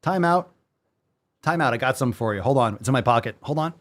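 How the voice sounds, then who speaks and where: A man's voice: medium pitch, animated, quick pace. A man hosting a podcast, ranting in a blunt, sarcastic way and swearing often. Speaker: podcast host. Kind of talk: casual ranting commentary.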